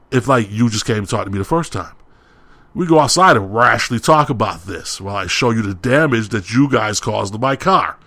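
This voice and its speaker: A young man on a podcast, telling a heated story with loud, ranting quotes of what he said. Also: mid-range voice. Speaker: podcast co-host. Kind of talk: casual storytelling.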